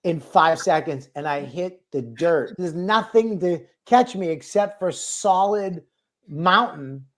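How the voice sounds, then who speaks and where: A man's voice: fairly high pitch, expressive, takes it slowly, fairly bright tone. A male comedian telling a self-mocking story in casual, rambling talk with crude language. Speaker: comedian guest.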